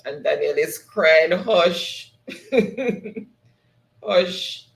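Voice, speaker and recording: A man hosts a casual livestream sign-off, reading viewers' comments aloud and laughing often as he drifts into patois. His voice sits high for a man. The sound bounces around an echoey room. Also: drawn-out words, creaky, a bit bright. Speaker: livestream host. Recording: roomy echo.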